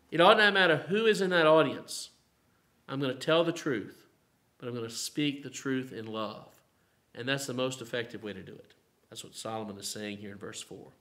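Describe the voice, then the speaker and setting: A mid-range, sharp-toned man speaking with an Appalachian Southern accent pastors a mid-week Bible study. His style is chatty and full of "you know" fillers, swelling at times into emphatic proclamations.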